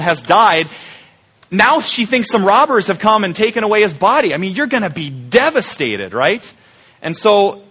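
Bright-voiced male pastor preaching. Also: high-pitched, husky. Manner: conversational, animated, rhetorical questions. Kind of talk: Easter sermon.

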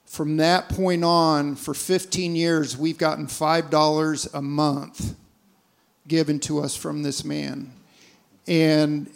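A man, a church leader, sharing a heartfelt story in church. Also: a little high. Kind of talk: testimony.

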